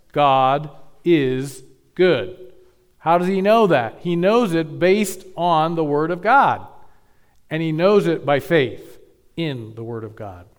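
A man preaching a sermon, teaching carefully with measured emphasis and occasional restarts. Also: a little high, smooth. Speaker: pastor.

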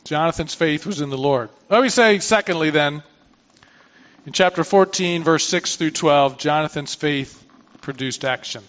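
A man's voice: fairly high pitch, normal speed, a bit bright, muffled recording. A man preaching a sermon, reading scripture aloud and then explaining it in a conversational way with asides and restarts. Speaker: pastor.

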